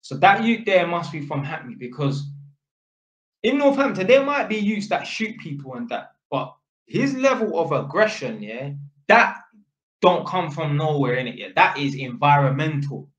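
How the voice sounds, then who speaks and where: A man's voice: a little high, big pitch swings, moderate pace, fairly bright tone. A man telling a story in casual, sweary street slang, an electrician chatting to camera. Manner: slangy and sweary, full of innit and fam. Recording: echoey room.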